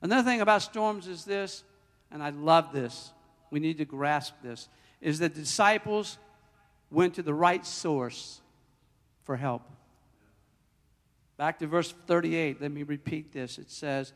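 A man preaching a sermon as pastor, emphatic, swinging between loud declarations and hushed, personal storytelling. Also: a little high, expressive, a little slow, long reverb tail.

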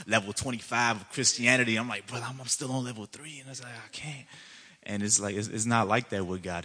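Bright-voiced young man telling a testimony. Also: sits low, gravelly, in a large hall. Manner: animated storyteller, acts out his excitement. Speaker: student giving a testimony. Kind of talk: church testimony.

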